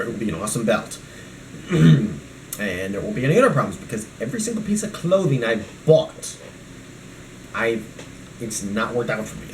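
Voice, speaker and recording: Rambling, ranting man with a lively voice. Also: on the high side, reverberant, slight background noise. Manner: rambling and ranting, jumping between topics. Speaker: vlogger. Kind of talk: rambling toy review vlog.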